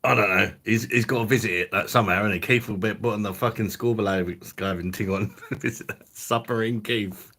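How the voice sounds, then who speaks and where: A young man hosts a live stream, crude and jokey and quick to laugh. His voice sits a little low, and he chats loosely with his viewers. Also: steady tone, pushed and bright. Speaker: livestream host. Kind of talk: casual live stream chat.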